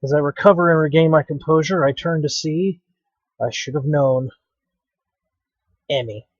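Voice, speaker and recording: A man's voice: on the high side, normal speed, dry recording, muffled recording. A man hosting a let's play, reading a visual novel aloud with dramatic, wry narration.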